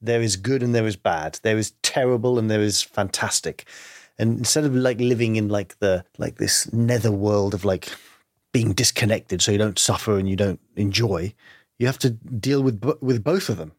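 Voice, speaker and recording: A man's voice: on the low side, moderate pace, no echo, studio quality. A man as an interview guest, speaking candidly and reflectively about hard times, with frequent laughs. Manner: reflective, earnest, laughs often.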